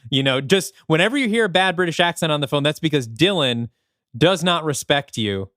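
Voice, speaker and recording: A man's voice: on the high side, lively intonation, brisk, a bit bright, no echo, studio quality. A young man co-hosting a podcast, laid-back and joking, laughing easily. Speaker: podcast co-host. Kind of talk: casual podcast chat.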